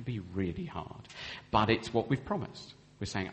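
Male preacher with a lively, gravelly voice, earnest sermon delivery, long reverb. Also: medium pitch, fairly quick, a little hiss or hum. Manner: earnest, acts out vows in quoted speech. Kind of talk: sermon on marriage.

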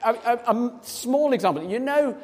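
A man preaching a sermon, animated, acting out little scenes in different voices as he reads and explains. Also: very high voice, normal speed. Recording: long reverb of a large hall.

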